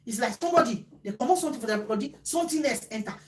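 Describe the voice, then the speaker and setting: Animated woman, echoey room. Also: on the high side, rapid-fire. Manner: animated, repeats phrases for emphasis. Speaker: vlogger host. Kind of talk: casual talk to viewers.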